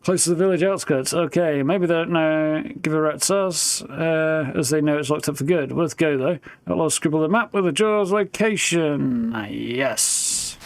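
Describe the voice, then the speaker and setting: A man's voice: a little high, unhurried, few pauses, no room sound. A man giving casual, wry commentary while live-streaming a video game. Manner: wry, chatty, self-mocking.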